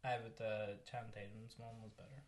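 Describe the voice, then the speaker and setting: A man's voice: lowish voice, little pitch movement, brisk. A man co-hosting a podcast, chatting casually about films, rambling and laughing often. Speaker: podcast co-host. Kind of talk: casual film chat.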